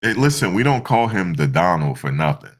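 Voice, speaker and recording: A man giving casual, slangy reaction commentary, animated and repeating himself, often breaking into laughter. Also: deep voice, a little fast. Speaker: online commentator.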